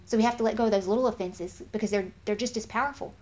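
A woman giving an informal Bible teaching in an earnest, conversational way, getting animated when she acts out what others say. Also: medium pitch, rapid-fire. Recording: slightly dull lo-fi recording.

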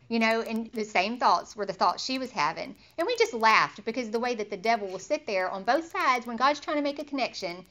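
A woman's voice: fairly high pitch, animated, fairly quick, few pauses, bright, forceful tone. A woman giving an informal Bible lesson, chatty and personal, acting out little scenes and laughing as she goes. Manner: chatty, acts out quoted inner thoughts, laughs easily. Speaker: Bible study teacher.

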